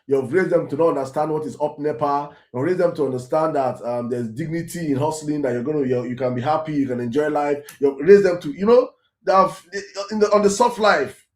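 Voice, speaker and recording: A Nigerian man hosts his own show, delivering impassioned, emphatic commentary that repeats key phrases and drifts into Pidgin. His pitch is fairly high, his delivery fairly quick, and the sound is roomy.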